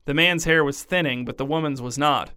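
A man narrating a story in a deadpan, scripted reading. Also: on the high side, a little fast, clean tone, no echo, studio quality.

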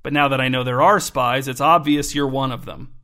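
A man's voice: mid-range voice, fairly even intonation, fairly quick, bright, forceful tone. A man reading the part of a sarcastic, suspicious middle-aged father in an audiobook, his talk growing heated. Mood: conspiratorial.

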